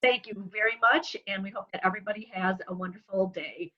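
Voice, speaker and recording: A woman's voice: medium pitch, fairly quick, lo-fi sound. A woman hosting a library talk and wrapping up an interview with thanks to her guest. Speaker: host. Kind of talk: closing an interview.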